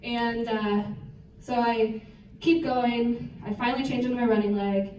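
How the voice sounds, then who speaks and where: A young woman speaking at a retreat, telling a personal story to an audience in a lively, self-mocking way. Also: a little high, measured pace, a little hiss or hum. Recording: roomy hall, voice picked up from a distance.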